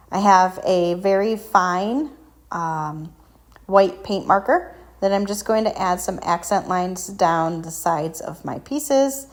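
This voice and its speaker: A woman hosting a painting and crafting tutorial, talking casually and self-deprecatingly with frequent ums. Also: medium pitch. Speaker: craft shop tutorial host.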